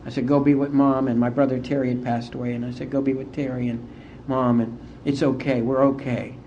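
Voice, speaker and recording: A middle-aged man from West Virginia, speaking as an AA speaker and telling his recovery story to a conference in a heartfelt, unhurried way. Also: medium pitch, little pitch movement, mellow, a little hiss or hum. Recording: dull lo-fi conference tape.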